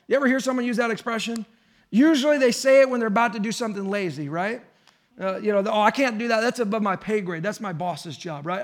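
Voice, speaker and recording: High-voiced man preaching conversationally. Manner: conversational preaching with rising emphasis. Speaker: pastor. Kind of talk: sermon.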